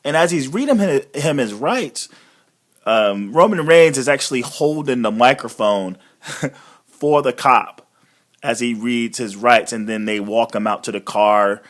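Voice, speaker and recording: A man's voice: mid-range voice, lively intonation, measured pace. A man giving a casual, rambling recap of a wrestling show, blunt and swearing freely. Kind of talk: casual profane recap monologue.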